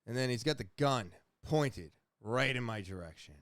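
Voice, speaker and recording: A young adult man hosting a podcast, casually telling a rambling, profane story with animated retellings. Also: medium pitch, normal speed, no room sound, clean studio sound. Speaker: podcast host.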